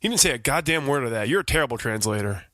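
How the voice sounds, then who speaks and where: An actor playing a wisecracking private detective who narrates in a dry, hard-boiled way and grows exasperated. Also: male voice, medium pitch, expressive, very fast, bright, forceful tone. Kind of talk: comedy noir audio drama.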